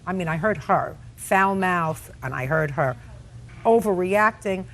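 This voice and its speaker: Woman TV judge, lively swooping pitch, blunt and scolding, slight background noise. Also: a little slow. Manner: sharp, scolding, interrupts constantly. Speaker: TV court judge. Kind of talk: courtroom TV show. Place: TV courtroom set.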